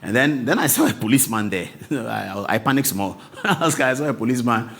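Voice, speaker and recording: Ghanaian host in his forties, animated storyteller with a lively, swooping voice, chuckling and stammering as he goes. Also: medium pitch, fairly quick, creaky. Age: 40s. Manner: laughs often, stammers and repeats words.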